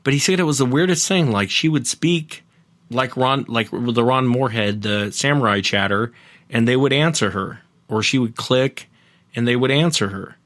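A man's voice: medium pitch, normal speed, a bit bright, no room sound. A man, a podcast host appearing as a guest, earnestly retelling other people's encounters at length in a casual interview.

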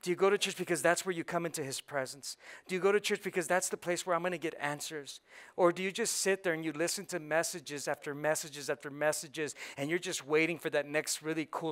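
High, bright-voiced preaching pastor. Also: male voice, brisk. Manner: energetic, rising to loud emphatic peaks then dropping low; conversational asides and audience call-and-response. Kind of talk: sermon.

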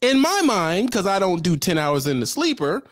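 Middle-aged male trucker, storytime vlog; high-ish, very animated delivery, slangy, chatty, dry close sound. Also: normal speed, no echo. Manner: animated, slangy, chatty, talks straight to viewers. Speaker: truck driver telling a story.

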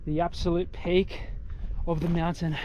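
A man's voice: fairly high pitch, level tone, a little slow, warm tone, muffled recording, a little hiss or hum. A young Australian man vlogging casually outdoors on a mountain, a little out of breath, rambling and poking fun at himself. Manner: chatty, self-deprecating, rambling asides. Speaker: travel vlogger. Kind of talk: casual travel vlog.

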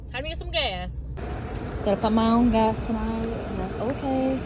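A woman's voice: a little high, expressive, normal speed, background noise. A young woman chatting playfully to camera in a casual vlog, often from her car. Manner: chatty and playful, bursts into song. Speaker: vlogger.

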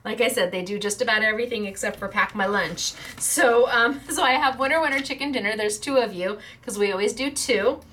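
A woman hosting a chatty craft video, bubbly and excited, often breaking into laughter. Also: fairly high pitch, brisk, hardly any pauses, slight background noise. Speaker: craft shop owner and video host.

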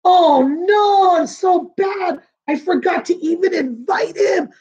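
A worried, dramatic male cat from a picture book, as a woman reads him out. The voice sits high and frets over every line. The sound is dull and lo-fi. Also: slow pace, warm tone, full character voice. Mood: fretting.

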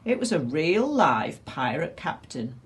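A woman reads a children's picture book aloud, her voice rising and falling with lively expression. She tells the story with animated energy. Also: sits low, unhurried.

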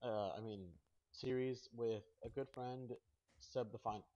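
A young man hosting a casual gaming video, goofy and excitable, rambling as he plays. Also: medium pitch, measured pace. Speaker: host. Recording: dull lo-fi mic.

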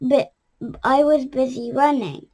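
A woman's voice: sits high, takes it slowly, gravelly, darkish tone, exaggerated voice. A woman voicing an indignant male cheetah in a read-aloud storybook. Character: fast male cheetah, quick to blame.

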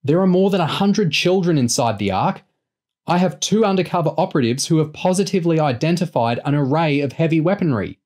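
A man voicing an exasperated woman intelligence officer who shouts her warnings insistently, in an audiobook reading. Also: medium pitch, expressive, normal speed, voice pushed up, natural voice. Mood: exasperated shouting.

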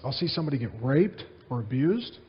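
A man preaching a sermon as pastor, telling stories in an animated way and repeating his phrases. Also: medium pitch, fairly quick, muffled recording.

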